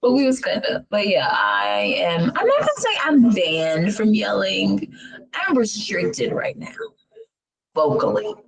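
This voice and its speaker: A woman's voice: medium pitch, wildly swooping pitch, a little slow, vocal fry, poor audio. A woman in her thirties who has lost her voice, chatting as a podcast co-host with churchy exclamations. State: hoarse, lost voice. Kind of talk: casual chat.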